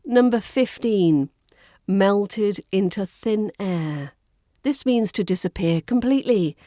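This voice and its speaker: Woman, British RP accent, accent coach, podcast lesson, unhurried, deliberate, dry recording. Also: mid-range voice, lively intonation, dark tone, no room sound. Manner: slow, deliberate, models sounds carefully.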